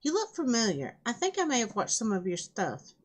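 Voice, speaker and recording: A woman's voice: on the high side, huge pitch swings, fairly quick, pitched above the performer's own voice. Woman reading as an eager young gamer guy. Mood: enthusiastic. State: scratchy throat. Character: young male gamer, friendly and enthusiastic.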